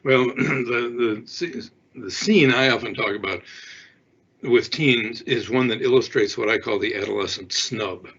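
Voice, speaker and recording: A man's voice: mid-range voice, a little slow, a bit bright, husky. An older man, a parenting expert, giving conversational advice and answering viewer questions, acting out little example dialogues. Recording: dull lo-fi sound with faint noise.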